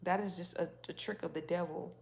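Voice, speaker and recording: A woman's voice: lowish voice, fairly even intonation, brisk, vocal fry. A woman hosting a faith-based talk video, speaking casually and emphatically with rhetorical questions. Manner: chatty and emphatic, with many restarts and rhetorical questions. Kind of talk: casual spoken talk to camera.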